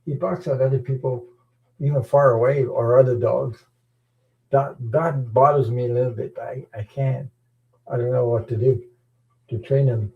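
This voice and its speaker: A man's voice: medium pitch, steady tone, normal speed, gravelly, narrow, tinny audio. A middle-aged man chatting casually as host of a live stream, rambling and chuckling, often repeating words. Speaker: tarot channel host. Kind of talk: casual chat.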